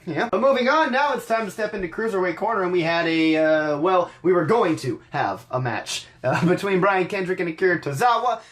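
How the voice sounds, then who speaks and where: A man's voice: sits high, expressive, fairly quick, few pauses, fairly bright tone. A man hosting a podcast, recapping wrestling in a casual, wry, sarcastic way with frequent stammered restarts. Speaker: podcast host.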